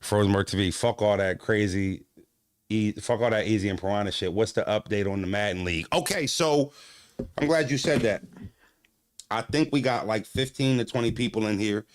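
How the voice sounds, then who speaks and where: Animated streamer man, dry close mic. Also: fairly low pitch, normal speed, dry recording. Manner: animated, profane street slang, talks back to chat. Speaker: streamer reacting to chat. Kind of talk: casual livestream talk.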